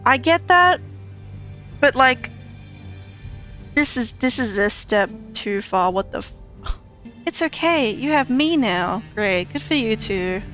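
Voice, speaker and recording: A woman with a slightly high, somewhat bright voice streams herself playing a story game. Her let's-play commentary is casual and exclamatory, with lots of swearing and laughter.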